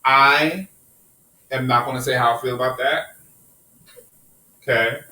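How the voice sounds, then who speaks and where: A man's voice: mid-range voice, steady tone, unhurried, pushed and bright, echoey room, distant mic, low-quality recording. Impassioned profane male podcast host. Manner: impassioned, profane, preachy rants. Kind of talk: passionate casual podcast discussion.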